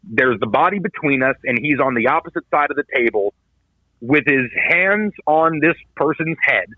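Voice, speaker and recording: Animated swearing storyteller man, dry lo-fi sound. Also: medium pitch, moderate pace, no echo. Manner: animated storyteller, swears a lot, acts out quoted voices. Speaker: podcast co-host. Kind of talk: casual chat. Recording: dull lo-fi podcast audio, dry.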